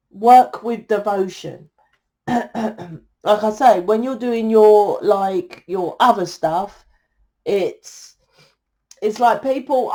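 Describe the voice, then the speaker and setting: A woman's voice: medium pitch, dark tone. Blunt, scolding woman tarot reader. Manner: blunt, exasperated and scolding, swears freely. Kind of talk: tarot reading monologue to viewers.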